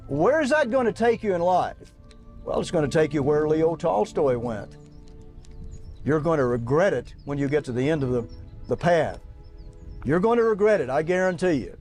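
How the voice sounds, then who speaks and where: A man's voice: on the high side, animated, normal speed, darkish tone, faint music behind. A man preaching to young people at an outdoor camp, reading quotes aloud and pressing rhetorical questions with emphasis.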